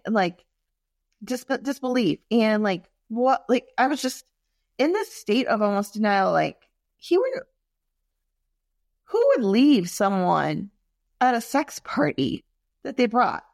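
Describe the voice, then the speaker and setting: A woman candidly telling personal stories in a frank, expressive way, full of fillers and asides. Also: on the high side, creaky, dry recording, studio quality.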